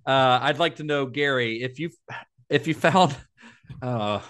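A man's voice: medium pitch, a little slow, a bit bright. A man co-hosting a podcast, retelling film history in a casual, informative way with asides. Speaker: podcast co-host.

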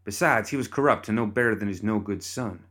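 A man's voice: on the low side, fairly quick, fairly bright tone, close to an everyday voice. A man voicing a defiant, reckless young woman who snaps back at her father. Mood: shouting. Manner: defiant, snapping.

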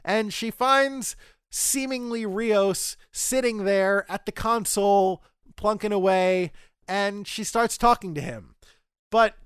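A man with a high, smooth and clear voice recaps an episode for his podcast. He sounds opinionated and critical, and he strings his retelling out in long, winding sentences. The recording is dry and close, with no room sound. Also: fairly bright tone, no echo. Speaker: podcast co-host.

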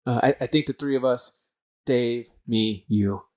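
A man's voice: mid-range voice, measured pace, darkish tone. A man hosting a casual interview, talking in a blunt, chummy way and swearing freely. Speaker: podcast host.

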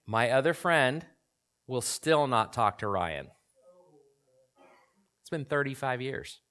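A man's voice: medium pitch, lively intonation, slow pace, fairly bright tone. A man in his forties preaching a sermon in a conversational way, often asking the audience questions. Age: 40s. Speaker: pastor.

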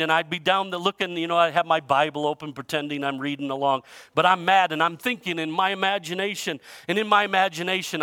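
A man with a high voice preaches a sermon as a pastor, telling a comic story and swinging animatedly between loud and hushed delivery. There is no echo.

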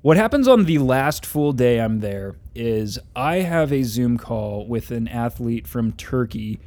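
A man's voice: mid-range voice, animated, unhurried, a little mellow. A man telling a long, rambling story in casual chat, with lots of fillers and self-corrections.

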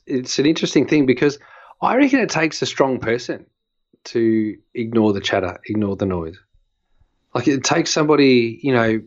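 A man co-hosting a podcast, musing thoughtfully in a casual chat. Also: medium pitch. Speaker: podcast co-host. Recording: dull lo-fi sound.

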